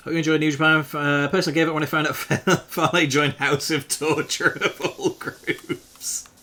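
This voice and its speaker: A man's voice: a little high, level tone, a little fast, bright, forceful tone. A man streaming live, chatting casually with viewers while he plays a game, joking and swearing freely. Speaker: variety streamer.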